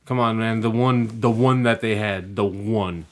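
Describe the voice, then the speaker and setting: A man's voice: lowish voice, steady tone, a little slow. A young man in casual podcast chat, cursing freely and laughing often. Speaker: podcast co-host.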